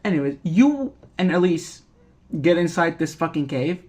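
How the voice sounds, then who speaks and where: A man's voice: a little high, expressive, normal speed, darkish tone. A man giving a rambling, profane, casual recap of a video game, often laughing at it. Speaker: gaming video creator.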